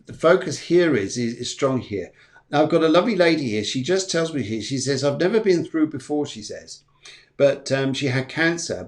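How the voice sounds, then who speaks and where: A man, a medium on a live stream, giving rambling, repetitive, reassuring readings. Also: mid-range voice. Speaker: psychic medium.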